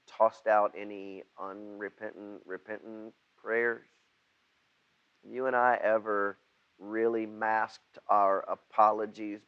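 A man preaching a sermon to his church. He halts and repeats words, then gets loud when he acts out prayers. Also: on the low side, highs cut off. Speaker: pastor.

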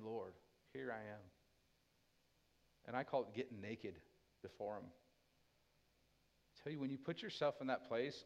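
A pastor preaching a sermon with a dynamic delivery, dropping to a hushed tender voice and rising loud again. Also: male voice, medium pitch, highs cut off.

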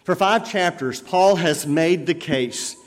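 A man's voice: on the high side, slow. A man preaching a sermon as pastor, in a conversational way full of everyday examples. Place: church sanctuary. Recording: long reverb of a church hall.

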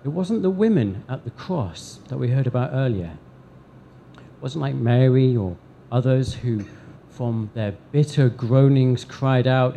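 A man preaching a sermon to a congregation in church, deliberate, with dramatic pauses and emphatic swells. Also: mid-range voice, lively intonation, creaky, warm tone, a little hiss or hum. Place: church service before a congregation.

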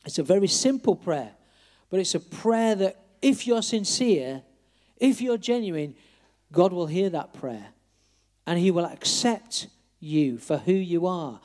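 A man's voice: high-pitched, lively intonation, a little slow, a little mellow. A man preaching an evangelistic sermon, earnestly appealing straight to his listeners.

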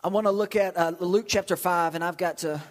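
A middle-aged man with a drawl delivers a sermon in a church. His voice sits high for a man and he tells stories with sudden shouts and stumbling repeats. The sound carries a long reverb from the hall. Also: fairly quick. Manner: lively storytelling with shouts and repetitions. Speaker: pastor.

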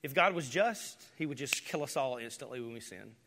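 A male pastor preaching a sermon, rising to loud, impassioned declarations and dropping to near-whispers. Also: mid-range voice, animated, a little fast, background noise. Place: church sanctuary. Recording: hall reverb.

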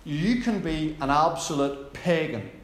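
A man's voice: a little high, expressive, measured pace, echoey room. A man preaching a sermon in a conversational way, asking the congregation questions.

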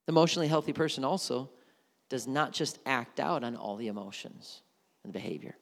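A man's voice: mid-range voice, lively intonation, fairly quick, vocal fry, big-room sound. A man preaching a sermon as a pastor, conversational, with frequent restarts and repeated words.

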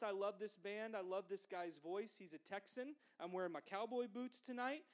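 A man preaching a sermon in a conversational, emphatic way, with dry asides. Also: sits high.

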